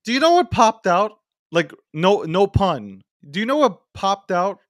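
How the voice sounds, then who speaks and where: A man hosting a casual podcast, telling stories in an animated, profane, laughing way. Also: high-pitched, unhurried, no echo, studio quality. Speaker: host.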